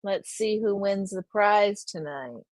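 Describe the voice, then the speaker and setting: A woman's voice: mid-range voice, lively intonation, slow pace, darkish tone, no echo. A woman hosting a casual live stream, chatting with viewers and reading their names aloud. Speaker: livestream host.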